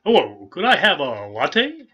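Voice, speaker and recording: A booming old-time radio newsman, as a man puts him on, stretching every word in a loud, lifted announcer voice. The tone is husky and forceful. The recording sounds dull and lo-fi. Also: wildly swooping pitch, full character voice. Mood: grandiose. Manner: loud, slow, drawn-out announcer delivery.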